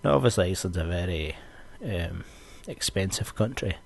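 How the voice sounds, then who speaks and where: A man's voice: sits low, moderate pace, vocal fry, slightly rough. A young Scottish man, a podcast host, chatting casually and ranting with plenty of swearing. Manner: sweary, ranting, animated storytelling.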